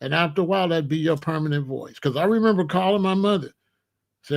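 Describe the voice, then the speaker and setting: High-voiced man's blunt casual monologue. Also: fast talker, gravelly. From United States. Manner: blunt, repetitive, emphatic. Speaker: commentary channel host.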